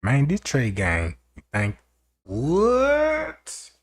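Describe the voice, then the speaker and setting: Low, mellow-voiced hyped livestream man. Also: steady tone, slow. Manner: hyped, chatty, addresses viewers directly. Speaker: livestream host. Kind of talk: casual livestream commentary.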